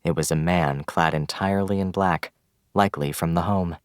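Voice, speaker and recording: A man giving scripted, measured audiobook narration of a fantasy novel. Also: low voice, fairly even intonation, no room sound, clean studio sound.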